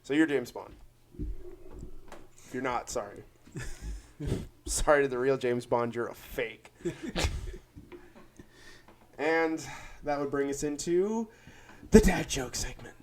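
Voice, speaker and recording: A man's voice: mid-range voice, slow, long pauses. A young man hosting a casual interview podcast, playful and teasing, laughing often. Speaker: podcast host.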